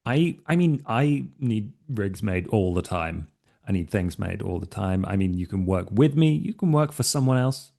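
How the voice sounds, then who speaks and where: A man with a fairly low voice plays his character in a tabletop game. He talks in an easygoing, offhand way and sounds persuasive without pushing hard. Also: expressive, moderate pace, gravelly, dark tone. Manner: laid-back, offhand, persuasive. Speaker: player.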